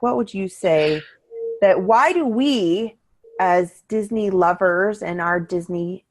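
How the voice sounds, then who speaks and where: Chatty, upbeat middle-aged woman podcaster. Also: on the low side. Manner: chatty and upbeat, animated storytelling. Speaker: podcast co-host. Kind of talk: casual chat.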